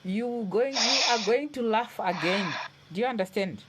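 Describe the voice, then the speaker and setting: A woman's voice: fairly high pitch, moderate pace, heavy background noise. A woman hosting a live call-in stream, reassuring a caller and repeating her phrases for comfort. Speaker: host.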